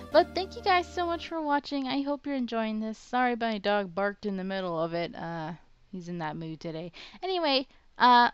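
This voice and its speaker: A woman's voice: mid-range voice, smooth, no room sound, lo-fi sound. Giggly young woman game commentator. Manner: giggly, chatty. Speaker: let's play host.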